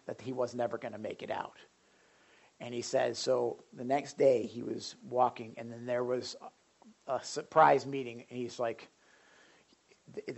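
A male pastor preaching a sermon with animated storytelling and questions to the audience. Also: mid-range voice, vocal fry, breathy edge.

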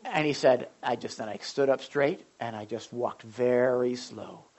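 A male pastor preaching a sermon with animated storytelling and questions to the audience. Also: mid-range voice, measured pace.

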